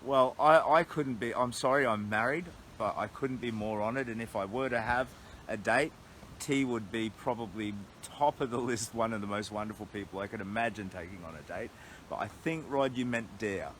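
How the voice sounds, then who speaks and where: A middle-aged Australian man with a fairly low voice talks earnestly into his phone, thinking aloud with frequent restarts. He sits camped outdoors at night, with a faint hum of noise behind him. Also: moderate pace, fairly bright tone. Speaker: long-distance walker livestreaming to followers. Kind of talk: casual reflective livestream talk. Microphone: phone livestream.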